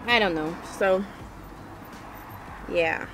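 A woman's voice: medium pitch, very slow, background noise. A woman talking frankly in a casual video diary, complaining and chatting as a vlogger. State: out of breath.

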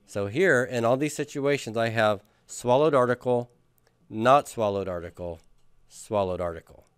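A man's voice: mid-range voice, moderate pace, clean tone, no room sound, studio quality. A man teaching a class, patiently drilling students and having them repeat after him. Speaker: Hebrew grammar teacher. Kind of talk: classroom lecture with questions.

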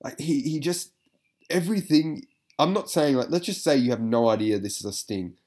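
A man's voice: a little high, moderate pace, a little mellow. A man giving casual reaction commentary, rambling with lots of fillers, swearing and frequent laughter.

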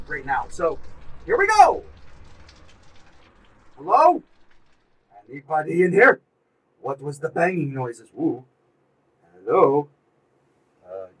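Jumpy, excitable male VR gamer. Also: a little high, slight background noise, low-quality recording. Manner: jumpy, swears, yelps and talks back to the game. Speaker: gaming YouTuber. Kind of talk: VR horror let's play commentary.

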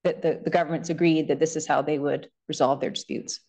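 Lowish woman lawyer doing closing arguments in court, measured, reads from documents. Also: fairly even intonation, a little mellow. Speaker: government lawyer. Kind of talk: formal closing submission in court.

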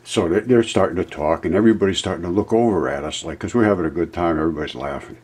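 A man's voice: deep voice, rapid-fire, darkish tone, breathy edge. A man vlogging in a rambling, storytelling way, losing his thread and restarting as he explains his ideas. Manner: meandering, loses track and restarts. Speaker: amateur science vlogger.

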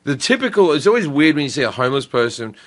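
A talk show host, telling loose, profane stories in casual chat. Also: male voice, mid-range voice, fast. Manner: loose, profane, animated storytelling.

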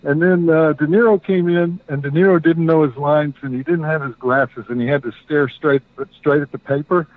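A man's voice: fairly high pitch, steady tone. Man telling a story over a tinny line. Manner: halting, many fillers and restarts. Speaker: guest. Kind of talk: casual storytelling. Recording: dry tinny phone-like line.

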